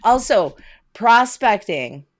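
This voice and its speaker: A woman business coach giving a motivational online talk from home, energetic and conversational, firing off rhetorical questions. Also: on the high side, takes it slowly.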